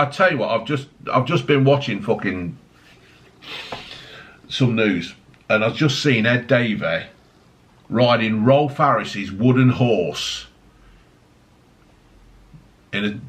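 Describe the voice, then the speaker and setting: Swearing man ranting with lively pitch. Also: unhurried, long pauses. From United Kingdom. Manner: swearing heavily, mocking, repetitive tag questions. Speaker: vlogger. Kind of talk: angry political rant.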